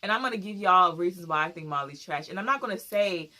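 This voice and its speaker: A woman's voice: fairly low pitch, expressive, fast talker, pushed and bright. A young woman hosting a casual TV recap, talking in an emphatic, slangy way and repeating her points for effect. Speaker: TV recap host.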